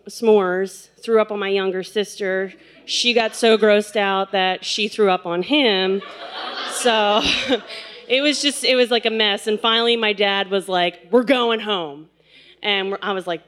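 A woman casually telling a funny personal story, animated, laughing and acting out quotes. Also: mid-range voice, smooth.

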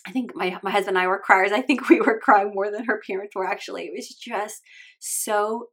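A woman's voice: medium pitch, steady tone, brisk, fairly bright tone. A woman in her thirties hosting a faith podcast, talking earnestly and from the heart, close to tears as she tells her story. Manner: earnest, heartfelt, tearful at times. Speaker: podcast host.

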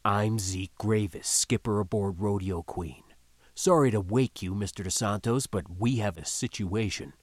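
A man voicing a gruff middle-aged male ship skipper who speaks low, flat and clipped. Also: a little slow, no room sound. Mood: grim.

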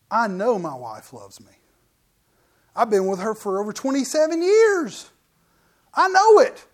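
A middle-aged man preaching a sermon as pastor, in a folksy, joking, conversational way. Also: very high voice.

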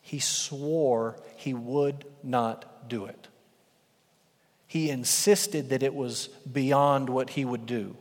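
Pastor preaching in a reverberant sanctuary, animated storyteller, man. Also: medium pitch, takes it slowly. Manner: animated storytelling, swings from loud to hushed. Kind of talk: sermon. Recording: long hall reverb.

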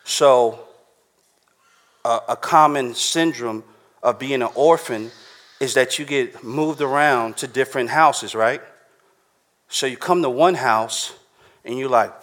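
A man preaching a sermon in loose street slang, keeping it conversational and stopping again and again to check his listeners are with him. His voice sits at an ordinary middle pitch for a man, and he talks straight to the people in front of him. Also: measured pace, long pauses, a bit bright.

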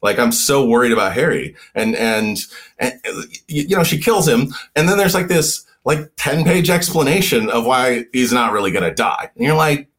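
A man who is a guest author in a casual podcast chat, talking in halting bursts with many repeated words and restarts. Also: medium pitch, expressive, a bit bright.

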